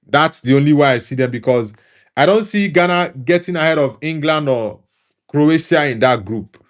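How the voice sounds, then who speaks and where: A Nigerian man with an Igbo background hosting a relaxed football talk show, reading out chat comments and answering them in an easygoing way. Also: a little high, moderate pace. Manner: easygoing, repeats words while thinking. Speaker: host reading live chat.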